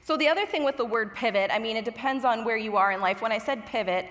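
A young woman with a fairly high voice preaches from a church stage, casual and self-deprecating, with a touch of nerves. Her words ring out into a long, lingering hall reverb. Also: fast talker. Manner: warm, chatty and self-deprecating, a little nervous. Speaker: guest preacher from children's ministry. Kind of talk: sermon. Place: church auditorium with stage lights.

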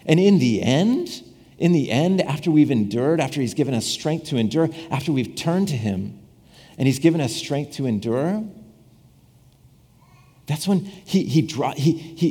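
Animated preacher in a reverberant hall. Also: male voice, mid-range voice, measured pace, slightly rough. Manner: conversational, repeats and restarts phrases, acts out quoted voices with humor. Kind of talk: casual sermon.

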